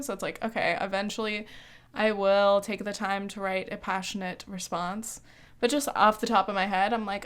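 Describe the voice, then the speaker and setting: A woman's voice: mid-range voice, normal speed. A woman in her early twenties hosts a podcast in a casual, snarky monologue, swearing freely and saying "like" a lot. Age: early 20s. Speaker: podcast host.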